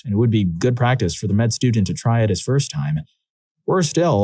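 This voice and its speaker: A man narrating scripted first-person stories with a steady, wry delivery. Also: lowish voice, no echo.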